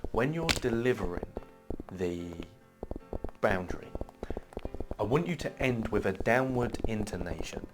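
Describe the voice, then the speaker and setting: Calm low-voiced man teaching over music. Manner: calm, measured, reads example sentences aloud. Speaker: self-help teacher. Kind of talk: instructional video talk. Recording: loud background music.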